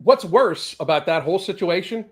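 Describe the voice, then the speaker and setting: A man's voice: high-pitched, animated, normal speed. A man from the South, hosting a casual podcast and ranting with heavy profanity. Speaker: podcast host. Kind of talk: casual rant chat.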